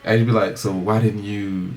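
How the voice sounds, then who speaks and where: A man co-hosting a podcast in relaxed casual chat, laid-back and quick to laugh. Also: on the low side, faint music behind. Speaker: podcast co-host.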